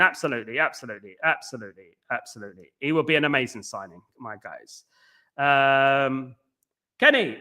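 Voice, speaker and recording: A Northern English man runs a casual fan livestream and chats through viewer comments. His voice sits high and sounds bright and forceful, and he keeps repeating words and shout-outs. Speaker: host of a football fan livestream. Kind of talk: casual live chat reading viewer comments.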